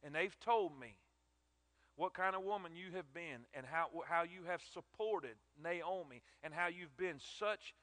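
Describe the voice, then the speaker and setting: A man preaching a sermon, voicing a kind male landowner who speaks softly and slowly to a young widow. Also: sits high, animated, dry recording, full character voice. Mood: tender. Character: kindly older male landowner speaking gently.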